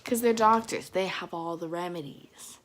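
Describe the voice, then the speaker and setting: A young woman with a Dominican family background, telling comic stories to camera in a casual vlog, mimicking her mother's scolding and getting loud at the punchlines. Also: on the low side, moderate pace. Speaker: vlogger. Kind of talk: casual comedic storytelling to camera.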